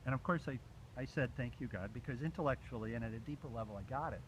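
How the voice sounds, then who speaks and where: A man telling a story to a small group in a relaxed, animated way, laughing often and acting out the dialogue. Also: medium pitch, very fast, poor audio. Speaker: storyteller recounting a pilgrimage walk. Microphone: phone. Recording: faint background noise, phone recording.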